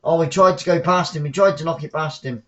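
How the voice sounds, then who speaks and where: As a fan, a man from the south coast of England offers chatty live commentary on a football game, shouting on goals in his Southern English accent. He speaks quickly in a voice on the high side, and the highs are cut off.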